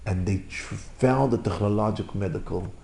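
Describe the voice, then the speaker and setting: Gravelly man preaching in broken English. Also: on the low side, normal speed, mellow. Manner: emphatic, repetitive, rhetorical questions, broken English. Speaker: religious teacher. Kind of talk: sermon.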